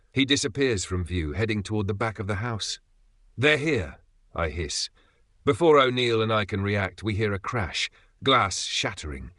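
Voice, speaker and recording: A man's voice: fairly low pitch, a bit bright, dry recording. A man giving tense, dramatic first-person narration of a thriller story. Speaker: narrator voicing the father.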